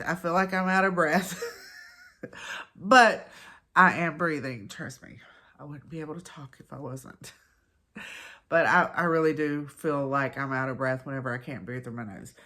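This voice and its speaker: Low-voiced woman with a stuffy nose. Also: a bit bright. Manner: chatty, rambling, laughs at herself. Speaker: crochet podcast host. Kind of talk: casual chat to camera. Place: at home, indoors.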